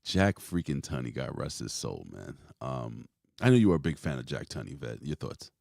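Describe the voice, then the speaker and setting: Very deep-voiced man rambling about wrestling. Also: normal speed, vocal fry, no echo, clean studio sound. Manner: rambling, swears freely, animated storytelling. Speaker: podcast host. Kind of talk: casual wrestling chat.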